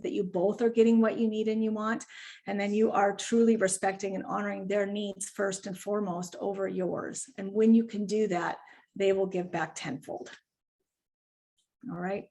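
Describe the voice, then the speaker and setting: A woman dog trainer coaching clients over a video call, animated and quick to act out owners and puppies. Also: mid-range voice. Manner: animated, acts out owners and puppies in quoted voices. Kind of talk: virtual client training session.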